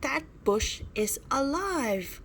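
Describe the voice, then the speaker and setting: A woman reading aloud plays a timid little boy dinosaur with feathers and a high, eager voice. His pitch swings widely as she reads slowly from a storybook. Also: big pitch swings, fairly bright tone, slight background noise, heavily acted. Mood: frightened.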